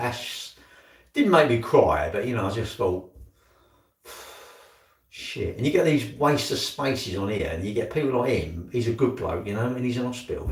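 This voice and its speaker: A man chatting live to his viewers at home, rambling and blunt, swearing freely and swinging from loud jokes to low grumbles. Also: a little hiss or hum. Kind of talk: casual live-stream chat. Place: at home, moving about near the kitchen. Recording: echoey room.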